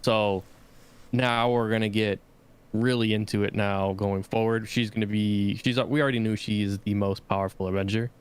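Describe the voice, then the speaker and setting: A man co-hosting a casual review podcast with a low, smooth voice. He talks in a measured way and pauses on fillers as he gathers his thoughts. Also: steady tone. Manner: measured, hesitant, many fillers.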